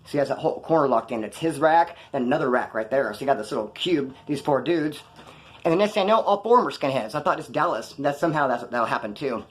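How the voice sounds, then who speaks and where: A man's voice: mid-range voice, lively intonation, quick pace. A man casually telling prison stories to camera in a rambling, slangy way, acting out quoted dialogue.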